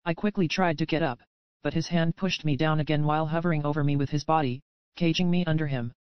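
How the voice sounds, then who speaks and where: Smooth-voiced woman audiobook narrator. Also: low-pitched, fairly even intonation, fast, no room sound, lo-fi sound. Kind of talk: scripted first-person audiobook narration.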